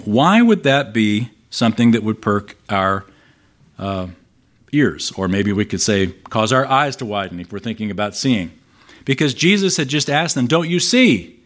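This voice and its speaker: A man preaching a sermon, explaining scripture in a conversational way and reading passages aloud with emphasis. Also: mid-range voice. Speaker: pastor.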